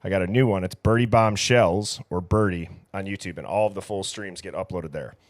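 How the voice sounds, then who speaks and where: A man's voice: low voice, fairly quick, no room sound. A man hosting a casual livestream, chatting easily and reading viewer names aloud. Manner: reads chat names aloud, easygoing and chatty. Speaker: livestream host.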